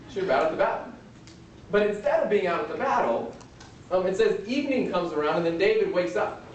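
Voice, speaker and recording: A pastor gives a sermon in a relaxed, storytelling way, moving from a comedy film to scripture. His voice sits a little high for a man. He is recorded from a distance in a very reverberant room, with a faint hiss of noise behind him. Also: brisk, muffled recording. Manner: conversational, retells a film scene. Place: lecture room. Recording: echoey hall, distant mic, faint noise.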